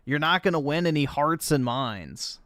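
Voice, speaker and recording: Fluchender Streamer, laut und aufgebracht. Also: male voice, fairly high pitch, expressive, normal speed, background noise. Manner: heated, profane ranting. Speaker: livestream host reacting to videos. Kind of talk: live reaction commentary.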